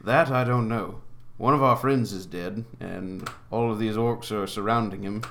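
A man's voice: lowish voice, normal speed, vocal fry, fairly bright tone, slight background noise. A man playing a tabletop game, explaining his moves hesitantly with many fillers and some laughter. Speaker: player.

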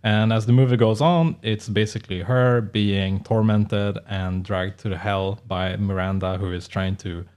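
A man co-hosts a casual podcast, spinning long, rambling anecdotes. His voice sits a little low, and he breaks into laughter often. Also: steady tone, measured pace, hardly any pauses, darkish tone, clean tone. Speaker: podcast co-host. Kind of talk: casual chat.

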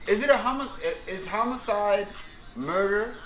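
A man's voice: sits high, animated, normal speed, a bit bright, soft background music, low-quality recording. A man co-hosting a casual podcast, joking with dry, mock-pedantic asides. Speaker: podcast co-host. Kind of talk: casual banter.

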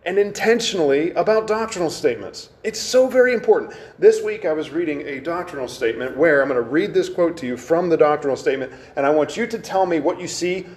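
A male pastor with a somewhat higher voice teaches his congregation in a relaxed, conversational way. He asks questions of the room and slows right down to press on single words. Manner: engaging, quizzes the congregation, stresses words by slowing down.

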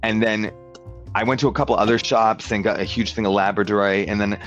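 A man's voice: on the low side, flat delivery, brisk. A man telling a story in casual chat, rambling and peppering it with "like", slipping into other people's voices when quoting them. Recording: dull lo-fi sound with faint guitar music.

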